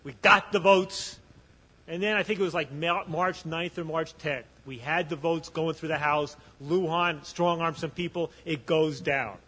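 A man's voice: a little high, steady tone, a little slow, sharp tone, breathy edge, long reverb tail. A man speaking on a panel at a conference, telling a story with animation and often restarting his sentences. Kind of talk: conference talk.

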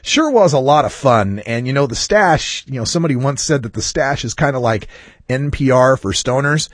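Husky, lively male podcast host. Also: medium pitch, moderate pace, no room sound, clean studio sound. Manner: lively, wry, chatty delivery. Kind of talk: casual podcast monologue.

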